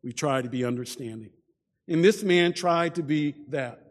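A man preaching a sermon, often repeating his first words and dropping to a soft voice for emphasis. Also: a little high, moderate pace, big-room sound. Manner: repeats words at starts, soft dramatic drops.

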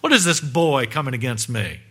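A man's voice: medium pitch, lively intonation, moderate pace, fairly bright tone, slightly rough. A man voicing a boastful, scornful giant warrior in a raised, mocking voice within a sermon.

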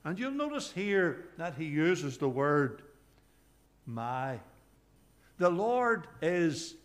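A man preaching a sermon in a church. His voice sits high and sounds bright and forceful. He speaks slowly and earnestly, sinking low and soft whenever he quotes scripture. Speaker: pastor.

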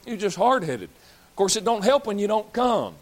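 A man's voice: high-pitched, very animated, moderate pace. A man, preaching a blunt, folksy sermon as pastor, scolding and joking with his congregation. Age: 30s. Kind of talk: fiery sermon.

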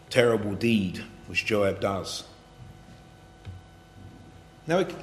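A man's voice: lowish voice, roomy sound, slight background noise. A man preaching a sermon to his congregation, earnest and building to emphatic passages as he reads and explains scripture. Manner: earnest, rising to emphatic, reads scripture in King James wording.

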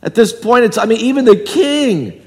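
A man preaching a sermon in a church, talking conversationally and swinging from loud and high to low and quiet. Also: lively intonation, moderate pace, big-room sound. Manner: conversational with wide swings in pitch and volume. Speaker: pastor. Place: church sanctuary.

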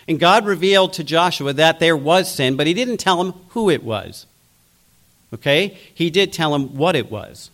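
A man's voice: on the high side, lively intonation, moderate pace, a bit bright. A man preaching a sermon, acting out biblical figures' voices as he goes. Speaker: pastor.

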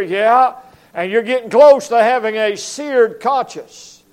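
A man preaching a revival sermon as an evangelist in a church, emphatic and animated, acting out voices as he goes. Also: very high-pitched, takes it slowly. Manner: emphatic preaching, acts out voices and barking dog.

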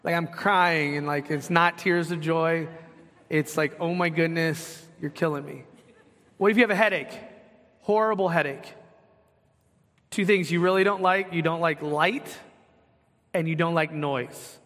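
A man's voice: on the high side, steady tone, unhurried, pauses often, fairly bright tone. A middle-aged man, a pastor, preaching a sermon in a conversational way and putting questions to the congregation. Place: church sanctuary. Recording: long hall reverb.

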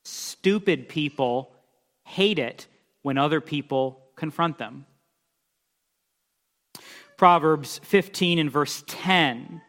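Male preacher, slow and emphatic sermon delivery, slightly high voice, echoing hall sound. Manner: emphatic, rising and falling in loudness, reads scripture aloud. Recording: long hall reverb.

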